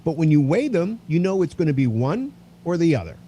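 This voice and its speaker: A man's voice: a little high, sing-song, fairly quick, a loud crowd. A man on a political panel, reasoning earnestly about the election. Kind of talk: political chat.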